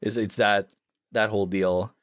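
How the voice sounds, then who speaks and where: A man co-hosting a podcast in casual chat, enthusiastic and quick to act out lines he quotes. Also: on the low side, fairly even intonation, no echo, clean studio sound. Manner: enthusiastic, acts out quotes in shifting voices. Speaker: podcast co-host.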